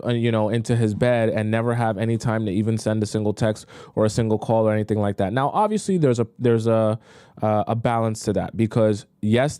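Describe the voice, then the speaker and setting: A man's voice: fairly low pitch, warm tone, clean tone, dry recording, clean studio sound. A young man, a dating coach, giving blunt commentary on a livestream. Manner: blunt, talks straight to women viewers.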